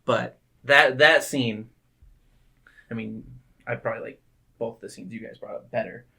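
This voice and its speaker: A man with a bright, forceful voice talks loosely about a film he just watched. He swears freely and gets animated, and he drops into quick impressions when he quotes lines. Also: medium pitch, creaky. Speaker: movie podcast co-host. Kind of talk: casual chat.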